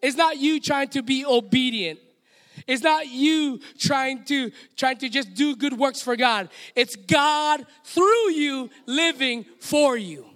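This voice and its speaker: A Hawaiian-accented man preaches with a strikingly high voice, leading the congregation in call-and-response. His words ring out through a long reverberant hall. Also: takes it slowly, a bit bright. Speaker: pastor. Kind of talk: sermon. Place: church sanctuary.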